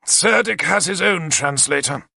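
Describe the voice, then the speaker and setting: A man voicing a proud, excitable adult male knight-king in an audiobook, eager and later stiff and acid. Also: high voice, normal speed, creaky, no room sound, clean studio sound, voice pushed up, exaggerated voice. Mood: excited. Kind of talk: audiobook character voice.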